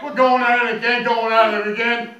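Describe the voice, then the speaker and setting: A man doing a brash, animated stand-up routine on a comedy club stage. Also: extremely high pitch, brisk, lo-fi sound. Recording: echoey comedy club, distant mic, noisy.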